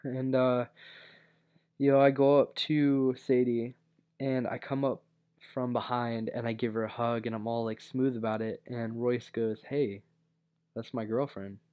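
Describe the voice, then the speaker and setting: A young man recounts a personal story in a loose, rambling way, leaning on fillers and restarting his sentences. His voice sits at an ordinary pitch for a man. The recording sounds a little dull and lo-fi. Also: level tone, measured pace, clean tone. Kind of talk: casual storytime monologue.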